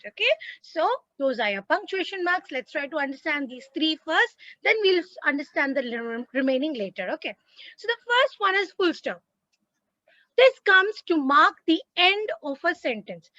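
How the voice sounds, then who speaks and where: Indian English woman teacher on a video call, expressive, swooping high voice, dry close sound. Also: no echo, muffled recording. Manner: animated, acts out sentences with expression. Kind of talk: online grammar lesson.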